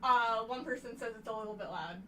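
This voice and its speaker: A woman's voice: a little high, fast talker, low-quality recording. A woman co-hosting a livestream, passing on the chat's comments in brief, matter-of-fact asides. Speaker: co-host relaying the chat. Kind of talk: casual livestream chat. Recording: loud background noise.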